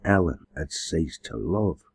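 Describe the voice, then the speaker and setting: A man reading a novel aloud as an audiobook narrator, in a measured, earnest way. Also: very deep voice, animated, gravelly, slightly rough, no room sound. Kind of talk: scripted narration.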